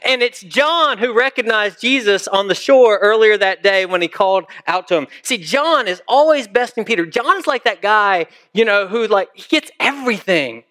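A man's voice: high voice, animated, moderate pace, few pauses, pushed and bright. A male pastor preaching a sermon in a conversational way, often putting questions to his listeners.

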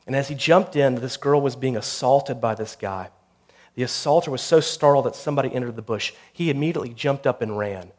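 Man, pastor, sermon, mid-pitched voice, storytelling that builds in intensity. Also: brisk. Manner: storytelling with swells of intensity, then a quiet prayer.

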